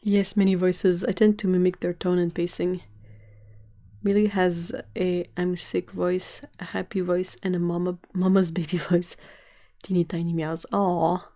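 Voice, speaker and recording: A woman's voice: lowish voice, flat delivery, normal speed, warm tone. Chatty woman hosting a livestream. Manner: chatty, giggly, storytelling. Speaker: livestream host. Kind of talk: casual chat.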